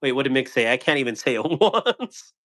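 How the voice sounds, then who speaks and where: A man's voice: medium pitch, big pitch swings, brisk, a bit bright. A man hosting a live stream, reading and answering chat comments in a playful way, laughing often and tripping over tongue twisters.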